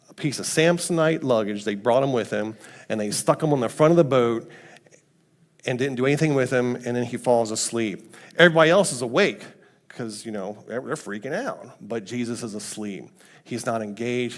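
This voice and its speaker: A man giving a casual, conversational testimony sermon in a church, slipping into quoted voices with sudden pitch jumps. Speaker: mission team member speaking at church. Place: church sanctuary.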